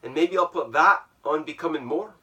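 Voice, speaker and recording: A man's voice: fairly high pitch, moderate pace, bright, forceful tone, recorded from a distance. A man vlogging while sitting in an ice bath at home, musing aloud in a rambling, self-mocking way with a put-on Irish brogue. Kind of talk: casual reflective monologue.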